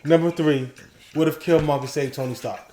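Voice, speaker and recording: An excitable man with a slightly high voice talks casually as co-host and breaks into animated quoted lines. His voice rings in an echoey room. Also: a little fast, slight background noise. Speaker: podcast co-host. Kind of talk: casual chat, ranking episodes.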